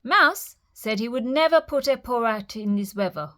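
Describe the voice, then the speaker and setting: Storybook bear, male, big and clumsy, warm-hearted, bouncy, fussing, voiced by a woman. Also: fairly high pitch, expressive, moderate pace, voice pushed up. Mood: worried.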